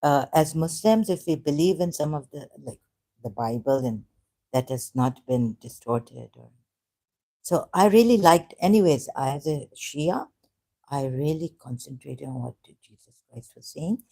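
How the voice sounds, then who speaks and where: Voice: mid-range voice, lively intonation, unhurried, mellow. A native Urdu speaker talking through religious questions in a casual, hesitant monologue full of fillers and restarts. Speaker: ex-Muslim vlogger.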